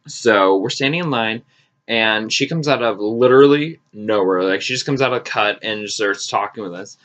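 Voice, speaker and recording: A young man telling a story in casual vlog style, animated and sarcastic, swearing freely and jumping into high mocking voices for quotes. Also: normal speed. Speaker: vlogger. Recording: slightly dull lo-fi audio.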